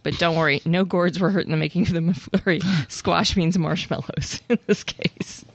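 A woman's voice: on the low side, fairly even intonation, normal speed. A woman co-hosting a casual chat, reading out items with playful asides and frequent giggles. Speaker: podcast co-host.

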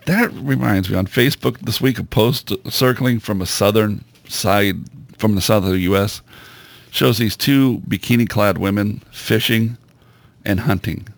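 Low, gravelly man co-host bantering. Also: unhurried, no echo. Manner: joking, playful banter. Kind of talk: casual chat.

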